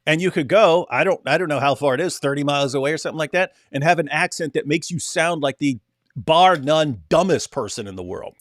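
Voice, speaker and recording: A man co-hosting a livestream, chatting casually with animated, mocking asides. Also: a little high, brisk, dry recording, studio quality. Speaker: livestream co-host.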